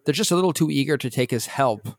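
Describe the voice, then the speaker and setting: A man's voice: mid-range voice, animated, fast talker. A man casually discussing a movie with friends, blunt and wry, posing questions. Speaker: podcast co-host. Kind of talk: casual movie review chat.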